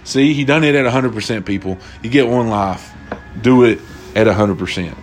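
A man's voice: medium pitch, moderate pace. A young man hosting a casual solo podcast, rambling and swearing freely as he retells stories. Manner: profane, rambling, loose storytelling. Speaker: podcast host.

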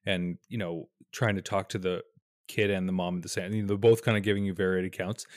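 A man co-hosting a podcast in casual chat, rambling and crude, his sentences trailing off quietly. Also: low voice, fairly even intonation, quick pace, no room sound, clean studio sound. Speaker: podcast co-host.

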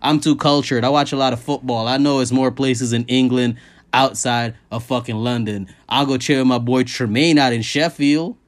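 A man hosting a podcast, ranting casually and profanely, jumping up high in pitch to stress his points. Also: moderate pace. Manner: profane, animated, jumps high in pitch for emphasis. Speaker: podcast host. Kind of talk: casual comedic rant.

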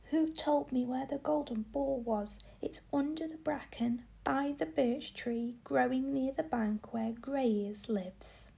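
A kind little fairy man with an ugly face, whispered by a woman reading a storybook. Whispered role-play, the tone mellow with a gravelly edge and pitched a little high. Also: a little slow. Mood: gentle.

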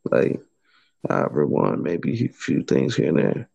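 Male co-host, deep gravelly voice, husky and dark, slightly tipsy, laid-back slang. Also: wildly swooping pitch, a little slow, dull audio. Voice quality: very low, gravelly voice. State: tipsy after a couple drinks. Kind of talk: casual chat.

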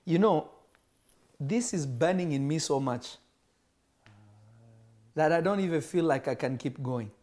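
A man preaching a sermon in an animated way, acting out dialogue between the figures he describes. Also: on the high side, measured pace, long pauses. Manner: animated, acts out dialogue in varied voices.

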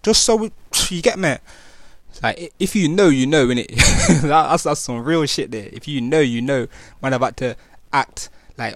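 A man's voice: a little high, moderate pace, no room sound. A young man with a Nottingham accent speaking casually in street slang, with many fillers and restarts. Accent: Nottingham, East Midlands English. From England. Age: young adult. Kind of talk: casual personal testimony.

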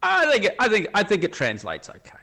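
Animated man telling jokes. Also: high voice, quick pace, gravelly. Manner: animated, chuckling storyteller. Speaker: podcast co-host. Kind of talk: casual chat and joke telling.

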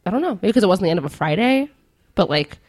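A woman's voice: medium pitch, very animated, fast talker, a little mellow. A young adult woman co-hosting a podcast in casual chat, playful and jokey. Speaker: podcast co-host.

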